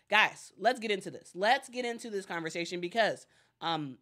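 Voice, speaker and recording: A woman's voice: mid-range voice, a bit bright. A woman hosting casual sports commentary, chatty and addressing viewers directly, often restarting her sentences.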